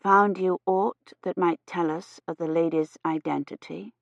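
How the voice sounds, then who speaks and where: A woman reading aloud, voicing a careful, gentle medieval noblewoman who speaks softly. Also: lowish voice, a little slow, dry recording. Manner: soft-spoken and careful. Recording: slightly dull, dry audio.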